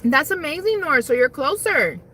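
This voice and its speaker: A young woman livestreams casually from her parked car on her lunch break, rambling as she eats and reads chat. Her high voice is animated, bright and forceful at a normal speed, with slight background noise.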